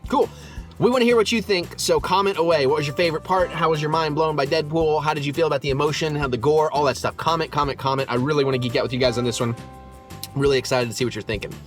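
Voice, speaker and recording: An enthusiastic man talks through a movie in a quick, eager rush, laughing and swearing casually as he geeks out. Faint music plays behind him. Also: fairly high pitch. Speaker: movie review host. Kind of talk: excited casual movie chat.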